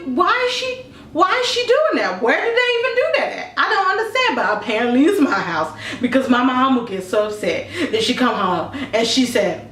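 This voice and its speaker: Vlog lead: high-voiced young woman, animated comic storyteller, roomy echo, a bit off-mic. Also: slight background noise. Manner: animated, exaggerated, laughing through lines. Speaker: vlogger. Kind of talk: comedic storytelling monologue. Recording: echoey room, mic at a distance.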